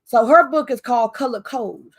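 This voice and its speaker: Woman author hosting her launch livestream, rambling and expressive, voice sits a little high. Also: normal speed. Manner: chatty, rambling, loses her train of thought; expressive, animated with laughter. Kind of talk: casual livestream chat.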